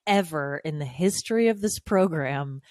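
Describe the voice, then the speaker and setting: Woman, low voice, dry close recording, candid chatty co-host, laughs easily. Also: animated, moderate pace, darkish tone, no echo. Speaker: podcast co-host. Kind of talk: casual recap chat.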